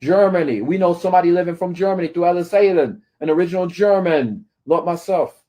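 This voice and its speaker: The man's voice is high-pitched and brisk, with a dark tone. He is a commentator ranting at his critics to camera, scolding and taunting them while asking "right?" again and again.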